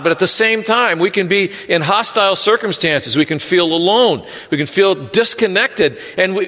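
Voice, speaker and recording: Male pastor, earnest sermon with jokes; bright tone, reverberant sanctuary. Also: high-pitched. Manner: earnest, repeats words, light humor. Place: church sanctuary.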